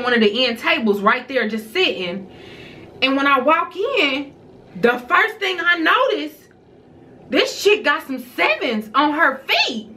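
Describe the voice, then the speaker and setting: Woman, vlogger, casual storytime, animated, bright tone, faint background hiss. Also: sits high. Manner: animated storytelling, addressing viewers directly.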